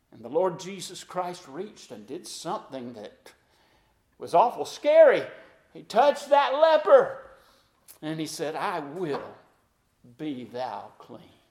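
High-voiced preacher in an echoey room. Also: male voice. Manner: dramatic swings between loud emphasis and hushed quiet; quotes scripture in old-fashioned cadence. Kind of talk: sermon.

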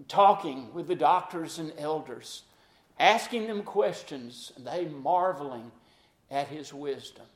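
Man, preacher, sermon, high-pitched, echoing room, swings from loud to hushed, solemn scripture quotes. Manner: dramatic swings between loud emphasis and hushed quiet; quotes scripture in old-fashioned cadence.

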